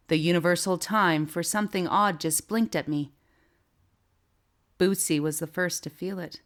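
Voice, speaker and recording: A woman narrating a whimsical storybook in a calm, measured way. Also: deep voice.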